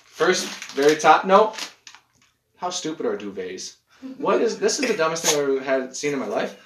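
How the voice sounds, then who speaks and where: A man hosting a casual podcast from his couch, ranting in a profane, animated way. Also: on the high side, moderate pace, noisy background. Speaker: podcast host. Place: living room at home, on a couch. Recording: echoey room.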